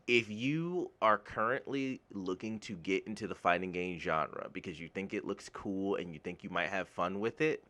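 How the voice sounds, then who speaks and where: A man from the United States giving a casual, blunt gaming commentary rant, swearing freely and getting animated when worked up. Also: sits low, normal speed. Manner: blunt, swears freely, laughs at own jokes. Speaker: gaming YouTuber.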